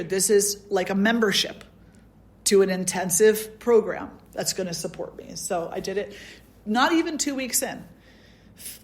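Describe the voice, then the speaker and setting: A middle-aged woman teaching at a spiritual gathering, telling a personal story and acting out the dialogue. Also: mid-range voice. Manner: storytelling, acts out quoted dialogue. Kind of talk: satsang talk, personal story.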